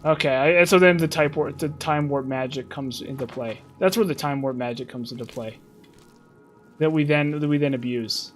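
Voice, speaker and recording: A man's voice: on the high side, normal speed, soft background music. A man streaming a game, rambling in casual commentary with many restarts.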